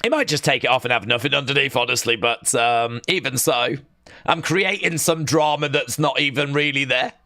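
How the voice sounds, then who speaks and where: An excitable young man, hosting a live watch-along stream, chatting, chanting and reading out viewer comments. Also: mid-range voice, normal speed, creaky, no room sound, clean studio sound. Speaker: livestream host.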